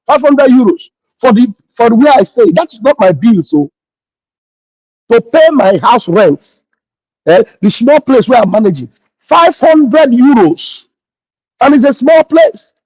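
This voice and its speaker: Very high-voiced scolding man. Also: a little mellow, no room sound, poor audio. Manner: indignant, scolding, repeats phrases. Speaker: pastor and online host. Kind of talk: morning livestream address.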